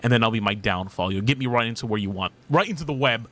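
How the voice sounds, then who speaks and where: Man streamer, casual banter, teasing, laughs a lot, mid-pitched voice. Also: lively intonation, fast, a bit bright. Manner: playful, teasing, laughs often. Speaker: streamer reading chat. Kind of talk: casual chat.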